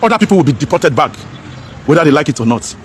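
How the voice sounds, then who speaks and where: A man's voice: a little high, very animated, quick pace, slight background noise. A man in an impassioned, preachy monologue, asking rhetorical questions and slipping into pidgin.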